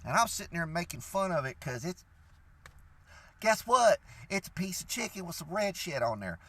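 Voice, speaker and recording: This young man from Louisiana, a vlogger with a Cajun accent, spins a rambling, profane tale in a casual rant for his audience. His high-pitched voice is very animated and fairly bright, delivered at a moderate pace.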